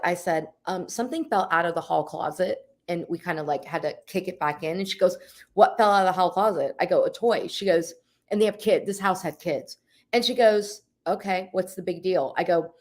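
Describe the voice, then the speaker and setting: Woman in her forties, realtor, casual storytelling, animated, mid pitch. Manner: animated, addresses listeners as "people". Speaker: podcast co-host.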